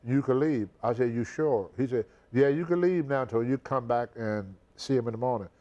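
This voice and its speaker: An older American man, a retired wrestler, tells a story in a shoot interview with a medium-pitched voice at a fairly quick clip. He's an animated storyteller who repeats words and acts out the other people involved. The recording sounds lo-fi.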